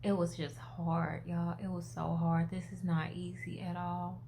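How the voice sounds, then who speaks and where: A woman in her twenties speaks slowly and expressively in a personal vlog, addressing her viewers directly. Her voice sits a little low, and there is a faint hum behind her. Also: gravelly. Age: 20s. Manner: emotional, expressive, talks straight to viewers. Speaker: vlogger.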